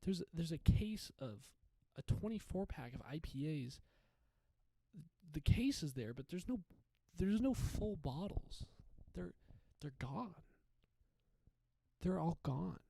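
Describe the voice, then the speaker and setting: A man's voice: fairly high pitch, vocal fry, warm tone, breathy edge, no room sound, low-quality recording. A young man hosting his own podcast, telling a rambling, profane comedy story with lots of restarts. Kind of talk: casual storytelling monologue.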